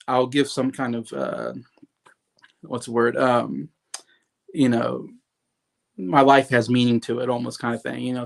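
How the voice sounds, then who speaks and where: A man in his thirties with a gravelly, mid-range voice chats about his favorite films, rambling with plenty of "like" and "you know." He gushes enthusiastically and is openly sentimental.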